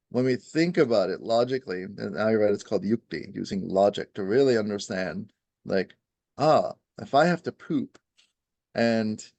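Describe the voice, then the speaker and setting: A man's voice: fairly low pitch, a little mellow, no echo. A man who practises Ayurveda, explaining in a rambling, casual way, full of "you know" and "right?" and little acted-out quotes.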